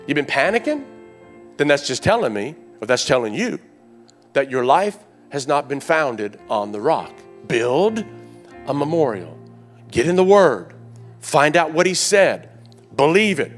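A man preaching a sermon as pastor, rising into loud fervent calls and dropping to quiet asides, often repeating words as he builds. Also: fairly high pitch, very animated, unhurried, soft background music. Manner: repeats and restarts words when fired up.

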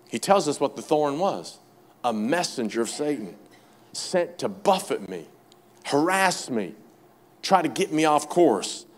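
Male preacher, higher-pitched, very animated delivery, emphatic sermon style with call-outs to the congregation. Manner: impassioned, swings from loud and high to low and quiet; repetitive, emphatic lists.

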